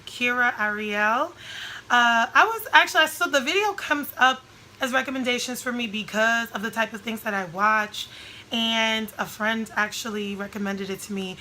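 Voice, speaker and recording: A woman vlogging casually to camera, frank and emphatic with rambling asides, her voice slightly hoarse and a little short of breath. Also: a little high, sharp tone, a little hiss or hum, poor audio.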